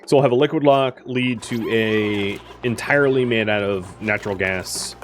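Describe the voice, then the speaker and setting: With a lowish voice at normal speed and slight background noise, a young gaming streamer chats casually about the colony game he's playing. His let's-play commentary is rambling, self-correcting and heavy on fillers.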